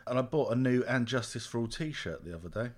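A man's voice: mid-range voice, animated, brisk. Easygoing, enthusiastic man. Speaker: podcast co-host. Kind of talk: casual chat.

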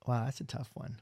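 A man chatting casually on a podcast, easygoing and laughing between thoughts. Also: mellow. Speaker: podcast guest.

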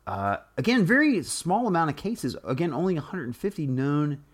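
A man's voice: on the high side, big pitch swings, normal speed. A man talking casually through an explainer monologue, with frequent restarts and fillers.

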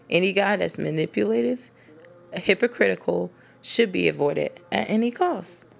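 A woman giving blunt dating advice straight to women listeners in a casual, animated rant, swearing freely. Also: on the low side, normal speed, creaky.

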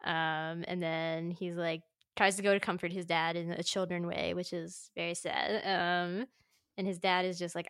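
Woman co-host, casual chat, animated and giggly, acts out lines, dry close mic. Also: fairly low pitch, moderate pace, clear, resonant tone, dry recording. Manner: animated, laughs often, acts out characters' lines. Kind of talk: casual chat about an anime.

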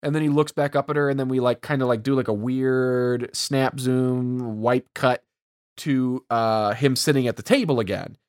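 A podcast co-host casually recaps a movie's plot, rambling with plenty of ums and acting out the characters' lines. His mid-range voice is steady and darkish at a moderate pace, with clean studio sound and no room sound.

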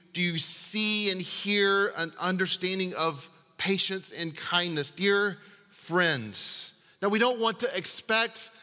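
A man preaching with a bright, ringing edge and a voice pitched a little high for a man. He drives his points home with rhetorical questions and drops from full volume to near hush. His words trail off into the long echo of a big church sanctuary. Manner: emphatic, with rhetorical questions and swings from loud to hushed. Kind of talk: sermon. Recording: long reverb of a large hall.

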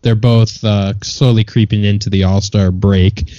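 A man's voice: fairly low pitch, fairly even intonation, unhurried, dark tone, no echo, lo-fi sound. Blunt, fired-up sports podcast man. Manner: blunt, exasperated, swears. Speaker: podcast co-host. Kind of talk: casual sports chat.

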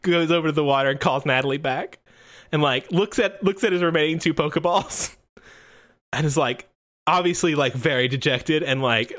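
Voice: mid-range voice, a bit bright. Rambling tabletop game narrator. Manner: rambling, many fillers.

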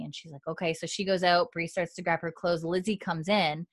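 A young woman with a low voice casually retells a show's scenes, jumping in and out of quick voices for each character and swearing now and then. The sound is dry and close, with no room around her. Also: steady tone, dry recording. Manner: casual and profane, with many fillers. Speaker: podcast host recapping a TV episode. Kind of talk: casual chat.

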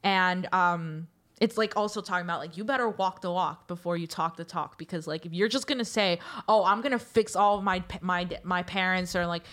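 A woman's voice: lowish voice, brisk, a bit bright. A woman co-hosting a casual podcast, explaining things in a chatty way full of "like" and "um.". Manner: chatty explaining, heavy use of "like" and "um". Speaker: podcast co-host.

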